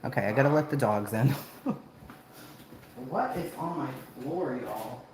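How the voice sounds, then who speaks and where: Woman, low voice, very lively pitch, chatty host, coaxes dogs at home. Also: measured pace. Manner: chatty, laughs often, talks to her dogs in a high coaxing voice. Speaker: livestream host. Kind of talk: casual chat with viewers. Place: at home, indoors. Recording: very echoey room with background noise.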